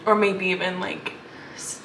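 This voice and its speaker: A woman's voice: fairly low pitch, fairly even intonation, measured pace, vocal fry, noisy background. A young adult woman chatting casually in a reading vlog, gushing and rambling with lots of filler words. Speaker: book vlogger.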